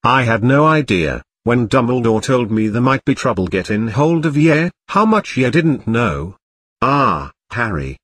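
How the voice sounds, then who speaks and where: A man voicing an excitable gruff giant groundskeeper with a broad rural dialect, reading a story. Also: medium pitch, no room sound. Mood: eager.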